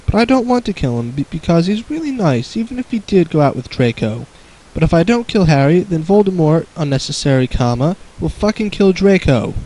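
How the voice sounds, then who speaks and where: A man's voice: a little high, sing-song, fairly quick, warm tone, poor audio. A man reading as a melodramatic goth girl. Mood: angsty.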